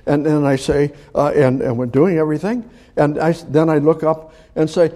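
A man preaching a sermon in an animated, rambling way, often restarting his sentences. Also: on the high side, moderate pace, hardly any pauses.

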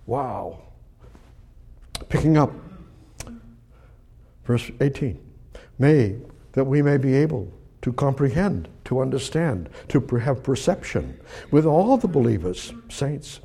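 Husky-voiced man preaching, talks to God. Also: medium pitch, big pitch swings, takes it slowly, pauses often, dark tone. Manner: talks directly to God in rhetorical questions. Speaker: pastor. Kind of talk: sermon with Bible reading. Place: church service.

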